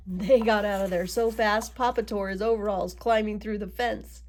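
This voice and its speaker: A woman reading a children's picture book aloud, adding gentle asides to her young listeners. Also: medium pitch, steady tone, normal speed, hardly any pauses. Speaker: storybook reader.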